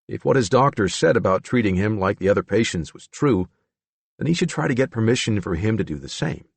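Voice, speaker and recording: A man narrating an audiobook in a measured, expressive storytelling manner. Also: fairly low pitch, vocal fry, husky, no room sound.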